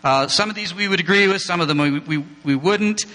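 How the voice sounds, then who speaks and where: A church teacher with a high-pitched, brisk, bright and forceful voice leads a loose, rambling class from slides, cracking jokes with the group as he goes. The recording carries a long hall reverb and a mains hum.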